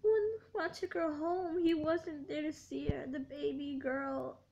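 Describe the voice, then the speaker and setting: High-voiced young woman, slow tearful confession. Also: fairly even intonation, gravelly, darkish tone. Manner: halting and repetitive, with many restarts and fillers; tearful, heartfelt. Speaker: vlogger. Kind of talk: emotional storytime confession. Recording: dull lo-fi recording.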